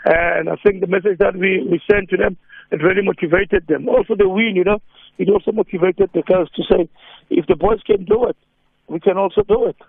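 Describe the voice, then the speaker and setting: A man's voice: high-pitched, fairly even intonation, fairly quick, creaky, husky, no room sound. A man with a South African accent, a football coach on a phone interview, mixing English and isiZulu with easy laughter. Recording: tinny phone line.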